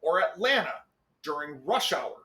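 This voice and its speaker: A man co-hosting a casual livestream chat, loud and laughing often, with plenty of swearing. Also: fairly high pitch, big pitch swings, moderate pace. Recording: roomy echo.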